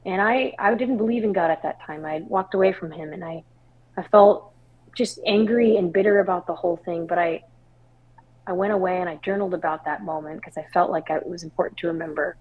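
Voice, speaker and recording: Brief: young woman guest, lowish voice, candid and expressive storyteller. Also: fairly quick, phone-quality sound. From Washington State, US. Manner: candid, expressive storytelling with laughs and quoted dialogue. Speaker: guest singer-songwriter. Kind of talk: podcast interview, personal story.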